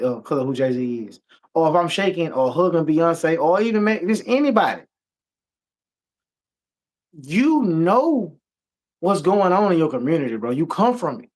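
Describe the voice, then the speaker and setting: A man co-hosting a casual talk show, ranting emphatically and swearing a lot. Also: a little high. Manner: emphatic, profane, animated ranting. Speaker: podcast co-host. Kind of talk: heated casual discussion.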